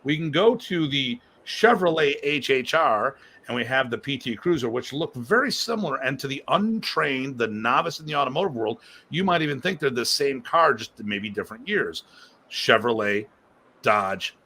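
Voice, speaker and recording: A man's voice: medium pitch, lively intonation, normal speed, bright, forceful tone, slight background noise. A man hosting a casual live-stream discussion as a martial arts instructor, rambling and emphatic, prone to launching into rants.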